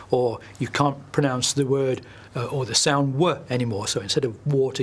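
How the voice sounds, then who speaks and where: A man, a speech researcher calmly explaining things in an interview. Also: medium pitch, moderate pace, hardly any pauses, slightly rough. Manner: thoughtful, with fillers and restarts.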